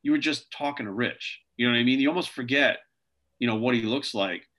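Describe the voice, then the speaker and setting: Fast, bright-voiced rambling man. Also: mid-range voice. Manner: rambling, full of "like" and "you know". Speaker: interview guest, video creator. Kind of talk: casual interview storytelling.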